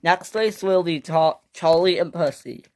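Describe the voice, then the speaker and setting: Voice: medium pitch, unhurried, a little mellow, dry recording, lightly acted. A narrator doing a stern toy railway boss. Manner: stern, commanding. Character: bossy male railway boss. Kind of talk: toy train storytelling.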